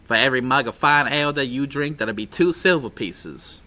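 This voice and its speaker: A man's voice: medium pitch, fairly quick, pushed and bright, pitched above the performer's own voice, natural voice. A man voicing a boisterous frontier saloon bartender who talks in a folksy drawl and breaks into hammy outbursts. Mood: welcoming.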